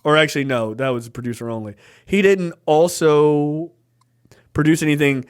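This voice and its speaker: A man co-hosting a podcast, chatting casually about movies, animated, laughing and swearing. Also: a little high, normal speed, clean tone. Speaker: podcast co-host.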